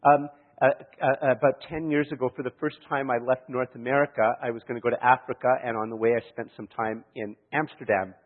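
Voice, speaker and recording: Male preacher, storytelling sermon style, husky, heard through a thin lo-fi recording in a reverberant hall. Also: mid-range voice, fairly even intonation, brisk. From Canada. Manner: storytelling, chuckling, many restarts. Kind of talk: sermon with anecdotes. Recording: echoey hall, tinny lo-fi sound.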